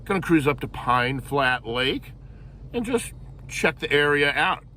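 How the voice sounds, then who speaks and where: Slow, bright-voiced jokey man vlogging. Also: a little high, very animated, slight background noise. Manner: jokey, playful and self-amused. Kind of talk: casual vlog narration. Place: campground outdoors.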